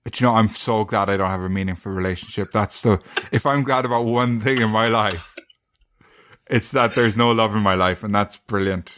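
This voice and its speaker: An Irish man hosting a podcast, trading casual banter with dry, deadpan self-mocking jokes. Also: fairly low pitch, moderate pace. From Ireland. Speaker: podcast host.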